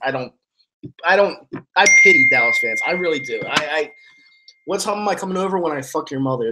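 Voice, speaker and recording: A man's voice: on the high side, animated, a little fast, very noisy. A man ranting angrily about his football team while answering viewers' comments, swearing a lot and stumbling over his words. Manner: angry, profane, rambling with restarts. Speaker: sports fan streamer answering chat. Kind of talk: ranting live stream commentary.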